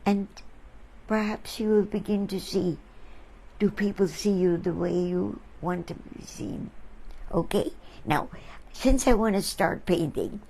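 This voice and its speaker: Slow, mellow-voiced woman storyteller. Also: medium pitch, rough recording. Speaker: artist and host. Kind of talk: reflective talk to an audience.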